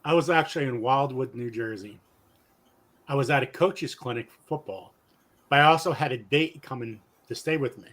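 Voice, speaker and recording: A man in his fifties with a bright, forceful voice, telling stories in a casual, animated way. He laughs often and acts out the people in his stories. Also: mid-range voice, normal speed. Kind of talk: casual storytelling.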